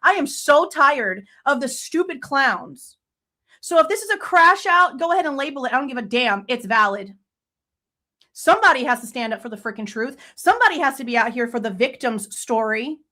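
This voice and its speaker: A woman, her voice pitched high, tears into people in heated, profanity-laced true crime commentary. She talks straight into a desk mic as a faceless channel host. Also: expressive, normal speed, bright, forceful tone. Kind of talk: angry ranting commentary.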